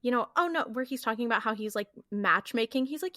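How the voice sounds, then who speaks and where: A woman's voice: a little high, animated, quick pace, bright, forceful tone, no echo, studio quality. A young woman co-hosting a casual rewatch podcast, chatty with joking asides. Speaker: podcast co-host.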